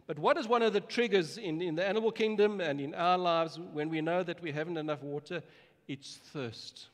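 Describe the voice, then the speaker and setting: Man, pastor preaching, earnest and emphatic, slightly high voice, long hall reverb. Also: fairly quick. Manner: earnest, emphatic, repeats words when starting phrases. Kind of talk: sermon.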